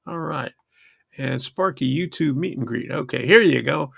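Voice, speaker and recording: A man's voice: on the high side, normal speed, creaky, slightly rough, no echo, studio quality. A man hosting a model train channel, chatting casually in a rambling, self-interrupting way. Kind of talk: casual livestream chat.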